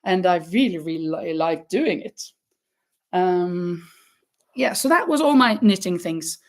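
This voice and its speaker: Chatty woman showing her crafts. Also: unhurried. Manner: chatty, restarts words, lively rises in pitch. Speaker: crafts vlogger. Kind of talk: casual chat showing crafts.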